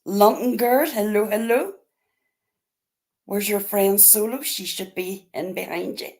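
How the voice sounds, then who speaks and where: A woman with a Northern Irish accent hosts a casual livestream, greeting her viewers one by one in an easy, chatty way. She takes her time, talking at an unhurried pace. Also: mid-range voice, darkish tone. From Northern Ireland. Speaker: livestream host.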